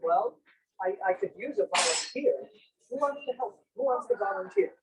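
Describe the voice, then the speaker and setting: A man's voice: very high voice, sing-song, moderate pace, creaky, recorded from a distance, very noisy. A man presenting a traveling museum of inventions to a live audience, talking in a playful, joking way and pulling in volunteers. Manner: playful, jokey, audience-engaging. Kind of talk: interactive demonstration talk. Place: senior center room, indoors.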